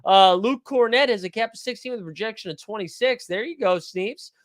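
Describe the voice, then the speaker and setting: A man's voice: high voice, fairly quick, dry recording, studio quality. A man hosting a fantasy sports live stream in a joking, rambling, profane casual manner.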